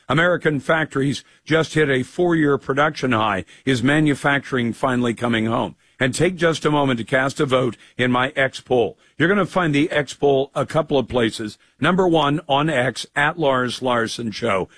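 Hoarse opinionated talk radio host man. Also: mid-range voice, a bit bright, dry recording. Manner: brisk, opinionated delivery. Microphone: studio broadcast mic.

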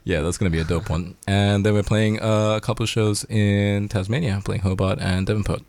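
Laid-back sri lankan-born guy, deep and gravelly, slangy, tired late at night. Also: steady tone, brisk, darkish tone, no echo. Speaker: guest band member. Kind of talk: casual chat.

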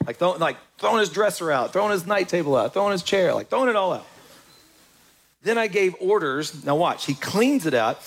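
A man preaching a sermon in a church, lively and joking with the congregation. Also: a little high, moderate pace, breathy edge. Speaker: pastor.

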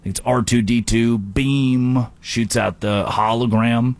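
Brief: male sports show host, mid-pitched, animated jokey commentary monologue. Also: slow, hardly any pauses. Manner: animated, jokey, with sudden pitch jumps and stumbling restarts.

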